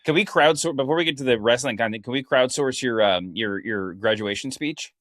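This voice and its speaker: A man's voice: mid-range voice, brisk, fairly bright tone, dry recording, studio quality. A young man from Texas hosting a podcast, chatting casually and jokily with many restarts. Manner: rambling, joking, many restarts. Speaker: podcast host. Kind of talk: casual chat.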